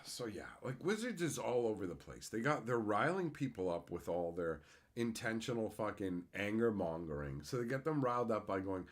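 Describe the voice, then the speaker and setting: A man's voice: on the low side, big pitch swings, moderate pace. A man hosting a live stream, ranting in a sarcastic, profane way and answering chat as he goes. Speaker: streamer host. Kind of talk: profane livestream rant.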